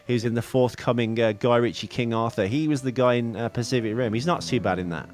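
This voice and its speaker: Male podcast co-host, mid-pitched, rambling, self-correcting, music bed underneath. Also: fast talker, darkish tone. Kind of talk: casual film chat.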